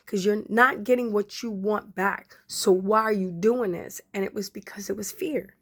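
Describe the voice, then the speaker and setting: A woman's voice: mid-range voice, steady tone, unhurried, fairly bright tone. A woman in her forties hosting a podcast, talking emotionally to her followers and fighting back tears as she speaks. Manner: conversational, addresses listeners directly. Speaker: podcast host. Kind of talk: emotional personal talk to followers.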